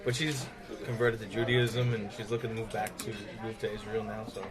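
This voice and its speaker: A man co-hosting a podcast over dinner, telling a sheepish story in an animated way. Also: on the low side, a little fast, crowd noise. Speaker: podcast co-host. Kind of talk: casual chat over dinner. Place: diner. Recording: music playing behind.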